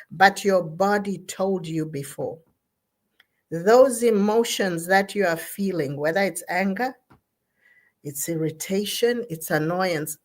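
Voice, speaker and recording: Woman therapist, unhurried, emphatic motivational speaker. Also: on the low side. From Zambia. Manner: emphatic, repeats and spells out key words. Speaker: therapist speaking at an online gathering. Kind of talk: motivational talk on mental health.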